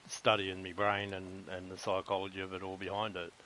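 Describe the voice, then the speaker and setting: A middle-aged Australian man with a very low voice rambles through a blunt, swear-heavy monologue, retelling his own conversations. A steady hiss sits under the recording. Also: brisk, rough recording. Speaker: live streamer.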